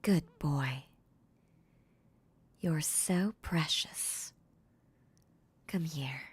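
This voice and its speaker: A woman voicing a cold, controlling female boss in a whispered role-play, speaking in a soft, low whisper. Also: extremely slow, slightly rough, exaggerated voice. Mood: commanding. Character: cold commanding female boss toying with her pet. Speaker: voice actor.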